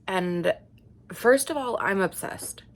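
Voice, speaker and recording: Young woman, book vlogger, casual chat, unhurried, gravelly voice, gushing. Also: medium pitch, lively intonation. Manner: chatty, gushing, laughs often. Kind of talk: casual reading vlog.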